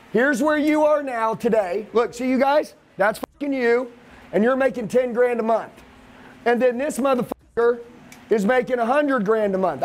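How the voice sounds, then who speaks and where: A man leading a live sales training seminar, lecturing with profane, aggressive hype. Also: very high-pitched. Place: training room with an audience.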